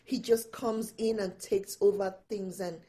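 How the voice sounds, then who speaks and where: A woman guest and empowerment coach, telling personal stories with animated delivery and frequent laughter. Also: medium pitch, unhurried. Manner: animated storytelling, laughs often. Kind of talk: storytelling in an interview.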